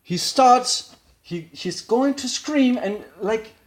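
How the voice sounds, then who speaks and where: A man with a Spanish accent, a native Spanish speaker, casually analyzing a film scene, halting and searching for words. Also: very high-pitched, animated. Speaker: acting learner.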